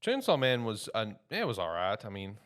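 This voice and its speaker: Rambling laid-back man, lowish voice. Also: huge pitch swings, normal speed, a bit bright. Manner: loose and rambling, full of "you know" and "like". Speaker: podcast co-host reviewing anime. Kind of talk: casual chat.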